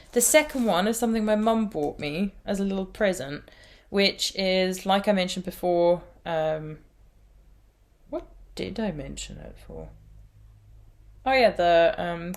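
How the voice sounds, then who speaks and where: A woman's voice: lowish voice, unhurried. A woman with an Irish accent hosting a knitting podcast, chatting casually in a rambling way and laughing at herself. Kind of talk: casual chat.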